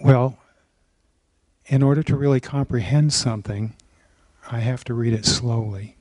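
A man's voice: medium pitch, a little slow, a little mellow, no room sound. A man asking his teacher a question about reading, speaking tentatively and searching for words.

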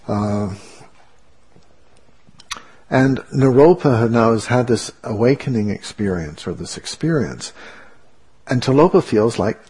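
A man's voice: mid-range voice, animated, measured pace, long pauses, a little mellow, breathy edge. A man giving a spiritual teaching talk as a meditation teacher, reflective and searching for his words as he goes.

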